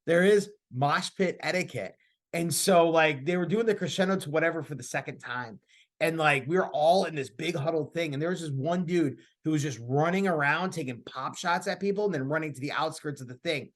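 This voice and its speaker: A man in his thirties, a podcast host, telling a story in casual chat, animated and laughing as he talks. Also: fairly high pitch, a little fast.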